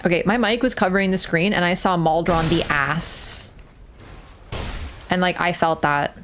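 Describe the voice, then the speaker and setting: A young woman streaming a game live, excitable, shouting at the game and laughing often. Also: lowish voice, a little slow, slight background noise.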